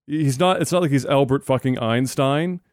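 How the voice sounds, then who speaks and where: A man hosting a podcast, talking in a casual, profane way and getting loud and animated when worked up. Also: medium pitch, normal speed, no room sound, clean studio sound. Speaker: podcast host.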